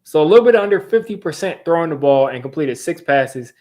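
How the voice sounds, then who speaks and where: A man's voice: a little high, expressive, a little fast, a little mellow. A young man hosting a sports fan channel, ranting in exasperation during a live football reaction, repeating himself as he vents.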